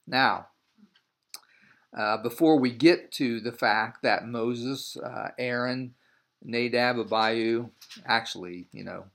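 A man's voice: medium pitch, slow pace, creaky, fairly bright tone. A man leading a Bible study, reading scripture aloud and then explaining it in a loose, rambling way with many restarts. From United States. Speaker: Bible teacher.

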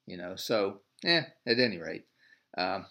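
A man's voice: deep voice, expressive, unhurried, sharp tone. A man leading a Bible study, reading scripture aloud and then explaining it in a loose, rambling way with many restarts. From United States. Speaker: Bible teacher.

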